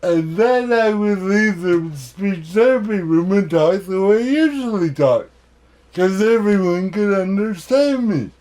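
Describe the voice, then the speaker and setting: A man giving a keynote talk, telling personal stories in a deliberate way with self-deprecating humor. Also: high voice, lively intonation, darkish tone. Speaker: keynote speaker.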